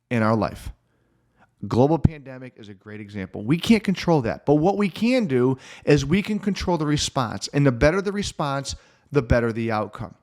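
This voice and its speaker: A middle-aged man hosting his own podcast as a mental performance coach, telling a client story in an earnest, emphatic motivational monologue. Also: mid-range voice. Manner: earnest, emphatic storytelling with slow stressed phrases.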